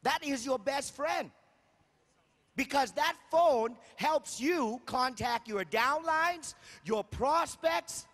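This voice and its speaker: A man's voice: very high-pitched, takes it slowly, a bit bright. A man giving a motivational stage speech at a sales convention, emphatic and repetitive, firing rhetorical questions at the crowd. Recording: long hall reverb.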